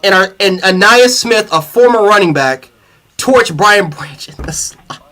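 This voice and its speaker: A man's voice: high-pitched, animated, unhurried, sharp tone. A man hosting a sports livestream, venting in an angry, profane fan reaction rant and repeating himself.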